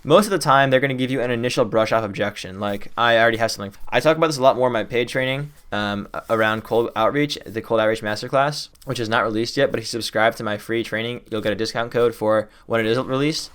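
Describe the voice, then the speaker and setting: A young man runs through sales-call tips to camera at a rapid clip, excited and riffing freely. His voice sits at an ordinary middle pitch, and he sounds like he is making up examples on the spot. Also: clear, resonant tone. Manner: excited, fast-talking, riffs off the top of his head. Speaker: sales trainer. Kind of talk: fast casual teaching to camera.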